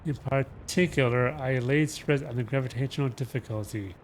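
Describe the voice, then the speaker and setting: A reader with a middle-pitched voice narrates a novel for a livestream audience, moving slowly and dramatically as he stresses some words and lets others fall away. A faint hiss or hum sits under the audio.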